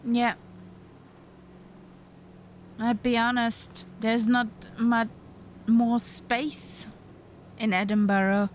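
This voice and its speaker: A woman streamer in casual chat, a German native speaker speaking English haltingly with fillers. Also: a little high, flat delivery, a little hiss or hum. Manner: slow, halting speech with fillers.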